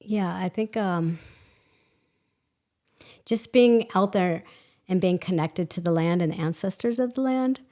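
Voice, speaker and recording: A woman guest telling a personal story in an animated way, laughing often and acting out quoted voices. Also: lowish voice, a little slow, long pauses. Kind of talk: conversational storytelling.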